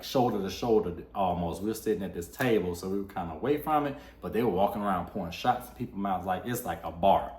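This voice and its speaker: A young man vlogging a candid personal story, heartfelt and acting out the dialogue he quotes. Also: low voice. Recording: roomy echo.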